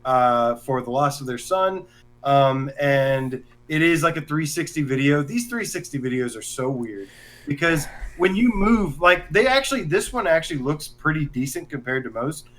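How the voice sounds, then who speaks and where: Man, somewhat high voice, podcast co-host, hesitant and filler-heavy. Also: animated, moderate pace, fairly bright tone. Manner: hesitant, lots of ums and uhs. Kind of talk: casual podcast chat.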